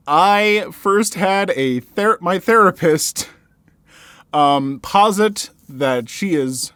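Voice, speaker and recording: A man's voice: high voice, no echo. A man in his thirties hosting a story show, chatting casually about viewer stories with plenty of fillers and restarts. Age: 30s. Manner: animated, with frequent fillers and self-corrections. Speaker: host reading and reacting to viewer stories.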